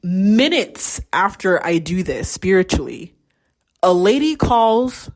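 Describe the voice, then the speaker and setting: A woman's voice: fairly low pitch, sing-song, slow, a little mellow. A young adult woman hosting a casual mental health check-in, telling stories candidly and swearing freely. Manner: candid storytelling, acts out quoted voices. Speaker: podcast host; teacher.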